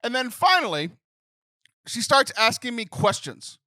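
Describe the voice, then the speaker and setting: A man in his thirties hosting a podcast, telling a comic story with animated, laughing delivery and exasperated outbursts. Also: very high voice, measured pace, no room sound, studio quality. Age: 30s. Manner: animated, laughing, acts out phone voices in exasperated bursts. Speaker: podcast host. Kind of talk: comedic storytelling chat.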